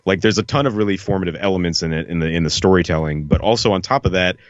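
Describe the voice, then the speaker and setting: A man's voice: sits low, racing, dry recording. A man co-hosting a podcast, chatting casually and rambling with enthusiasm, full of fillers like "like" and "you know.". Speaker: podcast co-host. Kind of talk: casual chat. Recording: dull lo-fi podcast audio.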